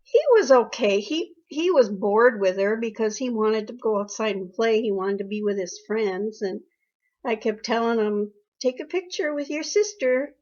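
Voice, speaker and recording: An older woman with a mid-range voice speaks at a normal speed, fondly sharing family stories about her daughter in an interview. Warm and emotional, she repeats phrases as she reminisces. The recording is dull and lo-fi.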